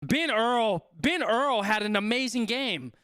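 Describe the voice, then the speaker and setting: A man hosting a live watch-along stream, giving excitable sports commentary and repeating his exclamations. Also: extremely high pitch, measured pace, clean tone, dry recording.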